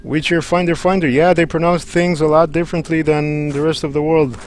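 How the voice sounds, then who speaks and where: A man's voice: fairly high pitch, level tone, brisk. Chatty man. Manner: chatty, rambling, jokey. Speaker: livestream host. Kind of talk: let's play commentary.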